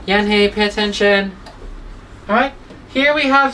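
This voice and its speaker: A woman teaching a phonics lesson to children, sounding out words slowly and asking "okay?" after nearly every line, coaxing and gently scolding. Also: mid-range voice, lively intonation, distant mic, a little hiss or hum, low-quality recording. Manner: slow, drawn-out sounds, repeats "okay?" often; coaxing, mildly scolding when children drift.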